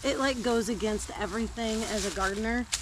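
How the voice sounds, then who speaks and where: A woman vlogging casually while digging in her garden outdoors, chatty and quick to laugh. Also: a little high. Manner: chatty and easily delighted, laughs often. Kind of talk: casual chat while working. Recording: outdoor recording with clear background noise.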